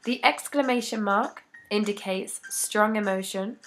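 A woman giving a scripted English grammar lesson, reading each rule and example in a measured, deliberate way. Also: mid-range voice, a bit bright, slight background noise. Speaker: English teacher.

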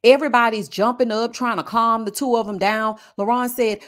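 She talks at a normal clip with a fairly high pitch, barely pausing. The sassy, casual review of a reality show comes alive as this commentator acts out the lines people said.

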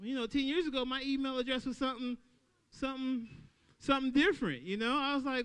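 A man doing a stand-up comedy set at an open mic, talking loudly and playing out little voices for the crowd. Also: extremely high pitch, fast talker, clear, resonant tone. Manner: loud, animated crowd work with acted-out voices.

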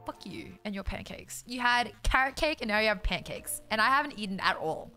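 Loud, swearing young woman streamer. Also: a little high, animated, a little fast, soft background music. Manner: loud, profane, exasperated, laughing often. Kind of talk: casual live-stream chat, reading chat aloud.

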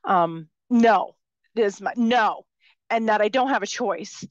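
A woman's voice: medium pitch, slow pace, dry recording, dull audio. A woman giving a personal storytelling talk, speaking in a passionate, vocal way. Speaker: speaker at a live talk event.

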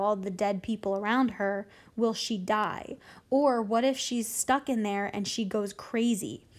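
A woman teacher who reads a play aloud to her class and explains it in plain, casual terms. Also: on the high side.

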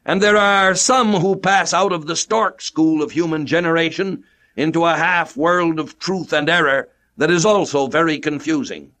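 A middle-aged man from the United States preaching a radio sermon with a formal, measured cadence. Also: a little high, bright, forceful tone.

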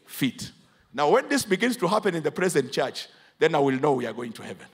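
Man, Kenyan accent, pastor, high lively voice, hushed then emphatic. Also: a little fast, slightly rough. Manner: preaching, switches between English and Swahili; dramatic, swings from hushed to loud emphatic. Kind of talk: sermon with congregation call-and-response.

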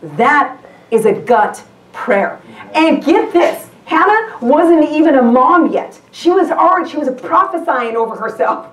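A woman's voice: sits high, very animated, a little slow. A woman guest pastor preaching a sermon in a conversational way, often restarting her sentences and asking the congregation questions. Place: church sanctuary. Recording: echoey church hall from far off.

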